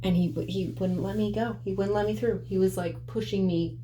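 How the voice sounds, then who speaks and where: A woman's voice: medium pitch, steady tone, a little fast, mellow, a little hiss or hum. Blunt, profane young woman vlogging. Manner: blunt, profane, conversational, addressing viewers as y'all. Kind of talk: candid storytelling vlog.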